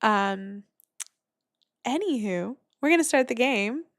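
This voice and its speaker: A woman's voice: fairly high pitch, animated, takes it slowly, no room sound, clean studio sound. A woman VTuber streamer in casual live-stream chat from her attic on a new microphone, rambling and greeting viewers by name. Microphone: new studio microphone.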